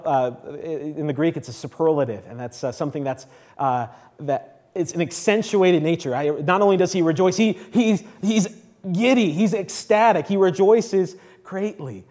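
A man with a notably high voice preaches a sermon at a church service. He swings between ringing, emphatic declarations and quiet, hushed passages, often repeating a line for weight. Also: moderate pace.

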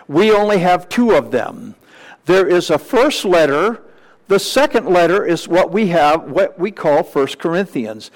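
High-pitched guy preaching slow and measured, teacher vibe, chats to the congregation now and then. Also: in a large hall, rough recording. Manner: measured, teacherly, with asides to the room. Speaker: pastor. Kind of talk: sermon.

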